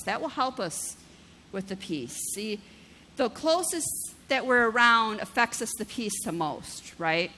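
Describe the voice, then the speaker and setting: A woman's voice: medium pitch, pushed and bright, in a large hall, a little hiss or hum. A woman pastor preaching a conversational sermon, often checking in with "right?" and using vivid everyday examples. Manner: conversational, keeps asking "right?".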